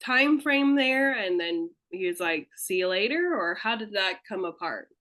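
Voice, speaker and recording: A woman hosting a podcast, with a bright, sharp tone of voice. She talks casually and laughs easily. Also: mid-range voice, animated, unhurried. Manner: chatty, laughing, mock impressions. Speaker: podcast host. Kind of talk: casual chat.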